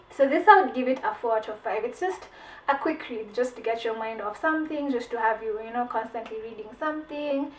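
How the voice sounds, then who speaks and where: A woman giving a casual book review vlog, chatty and animated, often saying "like" and repeating phrases. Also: on the high side, roomy sound, far from the mic, poor audio.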